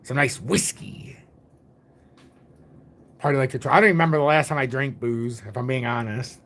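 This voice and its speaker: A man's voice: mid-range voice, fairly quick, fairly bright tone. A man in his forties hosting a casual crypto livestream, rambling and joking at his own expense. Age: 40s. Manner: rambling, jokey, self-deprecating. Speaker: crypto channel host.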